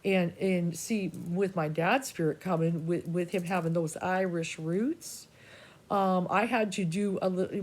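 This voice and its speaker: A woman psychic reader talking to her viewers in a rambling personal monologue, casual, swearing freely and restarting her sentences often. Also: on the low side. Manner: scattered, full of restarts and asides.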